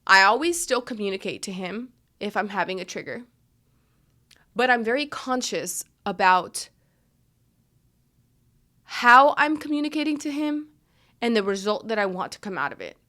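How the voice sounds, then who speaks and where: Bright-voiced woman podcaster, frank and profane. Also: medium pitch, lively intonation, moderate pace, long pauses. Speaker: podcast host. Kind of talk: candid personal storytelling.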